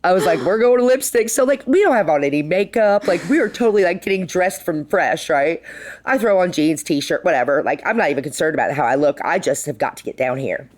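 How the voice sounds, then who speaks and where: Low-pitched woman, middle-aged, chatty storyteller, lots of "like". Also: a little fast. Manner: animated, acts out quotes, says "like" a lot. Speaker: bar co-owner, guest. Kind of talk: casual storytelling. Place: podcast studio.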